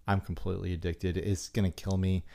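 A man's voice: low-pitched, flat delivery, brisk, creaky, warm tone. A man co-hosting a podcast in casual chat, joking and teasing his friend. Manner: joking, teasing, mock-indignant. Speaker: podcast co-host.

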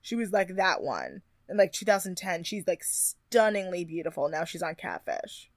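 A young woman co-hosting a podcast, chatting casually and quick to laugh while recapping a reality show. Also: lowish voice, big pitch swings, no echo, clean studio sound. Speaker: podcast co-host.

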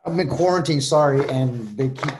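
Casual host on a noisy line. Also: male voice, medium pitch, normal speed. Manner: casual, laid-back, says he will edit things out. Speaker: podcast host. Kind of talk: casual chat.

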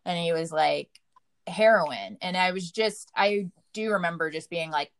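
A woman's voice: fairly low pitch, moderate pace, a bit bright, slight background noise. A woman telling a painful personal story in casual conversation, full of fillers and quoted dialogue. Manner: emotional, frequent "like" fillers, quotes herself. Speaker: partner of a recovering addict, guest.

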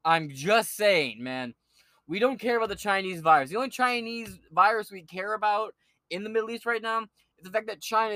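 A man's voice: fairly high pitch, no echo. A male podcast host reading news aloud and breaking off into sarcastic, profane rants. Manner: sarcastic, swears often, shouts in bursts. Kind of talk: profane political commentary.

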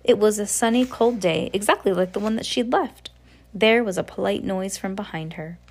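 A woman reading a novel aloud in a steady voice, now and then slipping and correcting herself. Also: medium pitch, moderate pace. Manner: steady reading with occasional slips and self-corrections. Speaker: audiobook reader.

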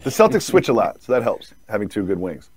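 A man co-hosting a casual basketball talk show, animated and quick to laugh. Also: husky, no echo. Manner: animated, laughs often, mock-high asides. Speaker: sports podcast co-host. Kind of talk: casual sports debate.

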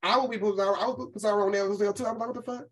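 Female host, casual profane commentary, animated, does quick impressions. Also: mid-range voice, poor audio. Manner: animated, profane, quotes people in voices.

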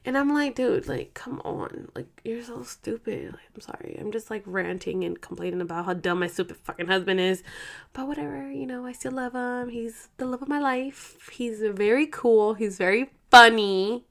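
A woman's voice: mid-range voice, gravelly. Profane rambling young woman. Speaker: vlogger. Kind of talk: casual ranting monologue. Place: home.

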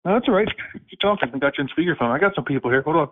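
A man's voice: a little high, lively intonation, very fast. Male call target, tinny phone audio: raised, threatening, swearing. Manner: angry, threatening, profane. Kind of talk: heated phone argument.

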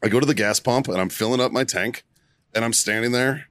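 Brief: male podcast co-host, crude and laughing storyteller, even-pitched, dry recording. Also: brisk, no room sound. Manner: profane, laughing often, animated retelling. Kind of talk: casual storytelling among friends.

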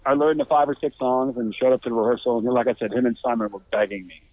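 A man telling band stories over a tinny line. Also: no echo. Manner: animated, acts out quotes with raised pitch; halting, many restarts and swearing. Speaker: guest musician. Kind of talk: casual storytelling.

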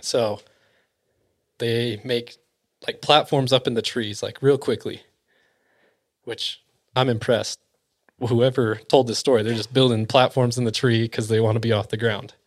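A man casually telling a spooky story among friends, acting out the quoted voices and often dropping to a hushed near-whisper. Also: medium pitch, steady tone, unhurried, long pauses.

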